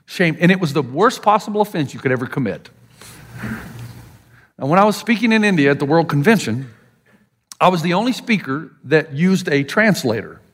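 A man's voice: fairly high pitch, moderate pace, pauses often, slightly rough. A middle-aged man with an American Southern accent preaching a sermon, telling stories and acting out the people he quotes. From Southern United States. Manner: animated storytelling, voicing quoted people. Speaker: pastor.

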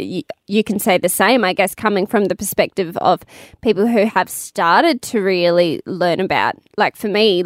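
A woman's voice: medium pitch, no echo, studio quality. A young woman hosting a podcast, talking in an earnest, rambling way. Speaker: podcast host. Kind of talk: casual chat.

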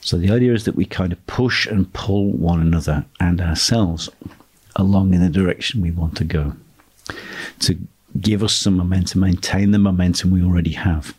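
A man teaching as a property investment tutor, speaking in a steady instructional monologue and driving points home by repeating key phrases. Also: sits low, normal speed, slightly rough.

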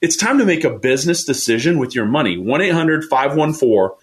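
A man's voice: medium pitch, big pitch swings, brisk. Guy hosting a radio money show, all fired up, keeps hammering the phone number, voice sits right in the middle for a man. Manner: passionate, pushy, repeats phone number. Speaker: radio show host and financial advisor. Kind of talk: energetic sales talk on radio.

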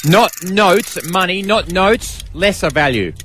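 A man's voice: sits high, lively intonation, a bit bright, a little hiss or hum. A man co-hosting breakfast radio, joking and arguing. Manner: quick, argumentative joking. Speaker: radio co-host.

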